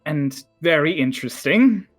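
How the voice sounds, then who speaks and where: A man voicing a composed, dignified woman diplomat who speaks in a calm, measured, formal way. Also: a little high, faint music behind.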